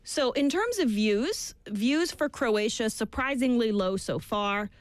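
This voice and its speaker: A woman's voice: fairly high pitch, animated, slow, dry recording. A woman co-hosting a casual live-stream music chat, upbeat and reading viewer comments aloud. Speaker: co-host.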